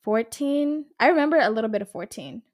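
Brisk and expressive, her voice sits fairly high. The host, a woman in her twenties from around Los Angeles, runs a casual solo podcast where she rambles chattily, curses freely, and peppers her speech with "like" and "literally."

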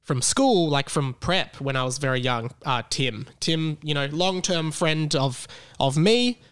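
A man's voice: fairly high pitch, animated, a little slow, fairly bright tone, clear, resonant tone, no echo. A young man hosting his podcast, rambling through a story in casual chat and correcting himself as he goes. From Australia. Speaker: podcast host.

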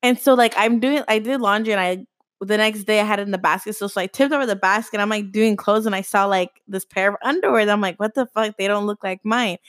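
A woman's voice: medium pitch, fast, dry recording, clean studio sound. A young woman in casual chat, telling a long story full of swearing and acted-out quotes.

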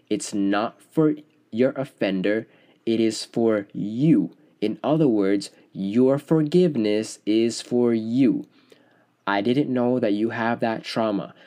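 Casting note: lower-voiced man, podcast host, earnest and repetitive, stumbling through restarts. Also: darkish tone. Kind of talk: casual faith-based podcast talk.

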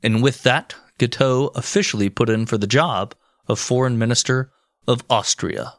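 On a podcast he co-hosts, a man with a medium-pitched voice speaks at normal speed in a dry recording. He tells a history story in casual, animated chat, swearing freely and landing deadpan jokes.

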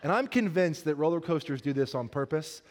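A man as pastor, preaching a sermon, telling a funny story and then turning earnest and soft. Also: on the high side, animated, brisk, long reverb tail.

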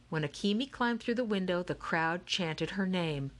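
A woman narrating a children's novel in a lively, expressive storytelling manner. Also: on the low side, normal speed, hardly any pauses. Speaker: audiobook narrator. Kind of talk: scripted narration.

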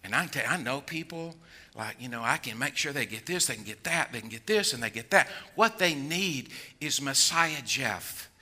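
An older man preaching a sermon, acting out worried voices, then dropping low to draw listeners in. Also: lively intonation, moderate pace, pushed and bright. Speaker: pastor.

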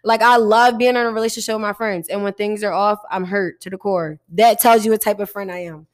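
A woman's voice: mid-range voice, fairly even intonation, fairly quick. A young woman hosting a casual chat podcast, candid and slangy, filling her talk with "like.". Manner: candid, slangy, says "like" a lot. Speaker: podcast host.

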